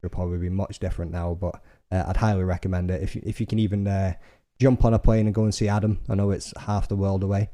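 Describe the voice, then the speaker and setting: Podcast host, young man, lowish voice, sweary and animated. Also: quick pace. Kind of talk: casual chat.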